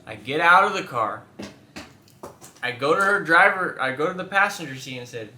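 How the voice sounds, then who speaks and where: A man's voice: on the high side, animated, normal speed, sharp tone. A man telling a story casually with his wife, playful and laughing, acting out what was said. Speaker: vlogger, husband. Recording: echoey room, faint background noise.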